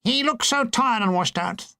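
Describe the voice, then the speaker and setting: A man's voice: extremely high pitch, a little slow, pushed and bright, dry recording, studio quality, pitched above the performer's own voice, heavily acted. A man voicing a fussy, plummy upper-class British general. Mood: fussing.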